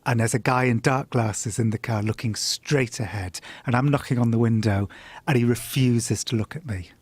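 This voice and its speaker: A middle-aged man telling an anecdote in a casual chat, animated and swearing, often laughing and jumping up in pitch when he quotes people. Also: moderate pace, slightly rough, no room sound. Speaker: guest storyteller.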